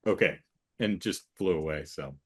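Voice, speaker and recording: A man's voice: fairly low pitch, moderate pace. A man hosting a casual chat with his sister, telling a rambling story and acting out the voices in it. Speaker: host.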